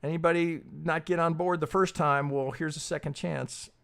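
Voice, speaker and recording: A man's voice: fairly even intonation, moderate pace, creaky, clean tone. A man hosting a casual trading live stream, thinking aloud as he goes, swearing freely and asking "right?" again and again. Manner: pitch jumps up when emphatic, drops low and soft when muttering.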